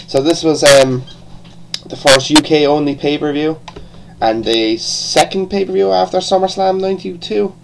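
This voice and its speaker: A man's voice: on the high side, normal speed, gravelly, slight background noise, low-quality recording. A man with an Irish accent giving a casual, rambling review, full of restarts and the odd swear word. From born in England, raised partly in Ireland. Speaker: wrestling show reviewer.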